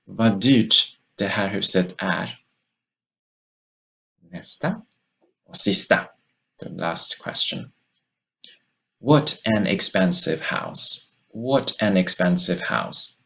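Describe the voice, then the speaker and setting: A man's voice: low voice, animated, slow, gravelly, long pauses, pushed and bright. A man teaching a language lesson, explaining step by step and repeating each example sentence twice.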